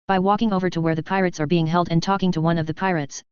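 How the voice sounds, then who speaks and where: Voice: mid-range voice, flat delivery, racing, clean tone, no echo, dull audio, natural voice. A narrator voicing a small, practical female alien in a suit who explains things plainly. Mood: matter-of-fact. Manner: plain, matter-of-fact, explaining.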